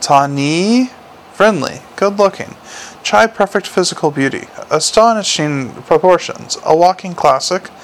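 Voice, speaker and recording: A man's voice: high-pitched, expressive, measured pace, slight background noise, voice pushed up, poor audio. A man voicing a blunt, defensive young werewolf policewoman, clipped in manner.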